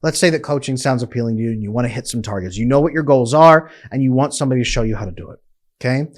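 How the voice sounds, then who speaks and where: Emphatic man coaching his audience. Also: medium pitch. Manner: emphatic, direct, persuasive. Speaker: relationship coach. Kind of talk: direct-to-camera monologue.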